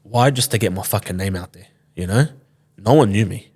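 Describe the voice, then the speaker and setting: A man's voice: fairly low pitch, brisk, a little mellow, husky. A man in his twenties, a podcast guest telling a story casually, swearing often and acting out what others said. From Sydney, Australia. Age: 20s. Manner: loose, swears often, acts out quoted dialogue.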